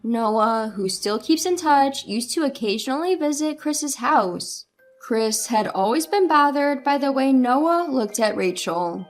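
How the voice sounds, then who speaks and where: Higher-voiced woman narrating a story. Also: expressive, unhurried, soft background music.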